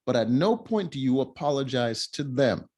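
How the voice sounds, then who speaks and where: A man's voice: medium pitch, very animated, moderate pace, a little mellow, breathy edge. A man giving casual, opinionated commentary while reviewing a reality show, blunt and mocking.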